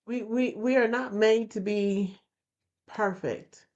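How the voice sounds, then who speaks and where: A woman's voice: mid-range voice, steady tone, slow pace, darkish tone. A woman hosting a podcast, talking earnestly to listeners and repeating phrases for emphasis. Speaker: podcast host. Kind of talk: motivational podcast talk. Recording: dull lo-fi recording.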